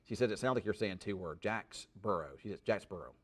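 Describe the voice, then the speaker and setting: A man's voice: fairly low pitch, rapid-fire. A middle-aged man chatting casually on a live stream in a rambling, folksy way, full of fillers. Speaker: weather streamer.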